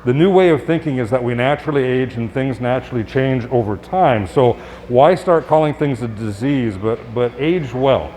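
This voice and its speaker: A man's voice: mid-range voice, darkish tone, slight background noise. Man giving an upbeat health talk. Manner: conversational and upbeat, with rhetorical questions and quick asides. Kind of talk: live presentation to an audience. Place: public event space.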